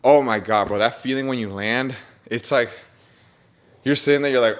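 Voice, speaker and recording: A young man hosting a podcast, telling an excited story in casual chat, swearing and laughing often. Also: lowish voice, brisk. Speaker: podcast host.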